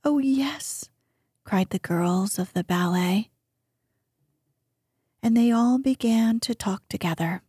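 Hushed, slow woman telling a bedtime story. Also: mid-range voice, husky, no room sound, clean studio sound. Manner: soothing, hushed, often whispering. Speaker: sleep story narrator. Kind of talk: soft bedtime story narration.

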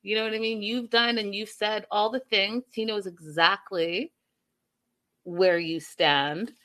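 A woman's voice: medium pitch, a little slow. Sassy woman recapping a reality show. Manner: animated, acts out quotes with sassy asides. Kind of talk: casual recap chat reading viewer comments.

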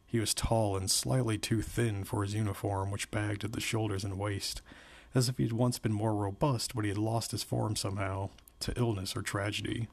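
A man narrating a novel aloud in a steady, measured way. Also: on the low side, creaky.

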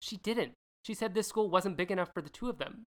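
A woman's voice: mid-range voice, brisk, a bit bright, natural voice. A woman voicing an eager, headstrong teenage girl sleuth in a casual podcast read-through. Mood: determined.

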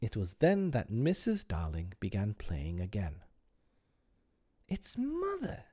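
A man reading a storybook aloud at an unhurried pace, with a low, mellow voice. He reads expressively and wryly, his tone rising and falling freely. The recording is close and completely dry. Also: slightly rough, dry recording. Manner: expressive and wry. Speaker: narrator. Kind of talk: storybook narration.

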